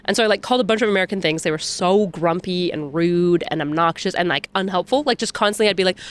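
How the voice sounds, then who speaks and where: A woman's voice: lowish voice, fast, few pauses, clean tone. Young woman guest, from Canada, talkative, acts out quotes in stories. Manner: chatty, animated storytelling with mimicked quotes. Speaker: podcast guest, political pundit. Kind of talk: casual podcast chat.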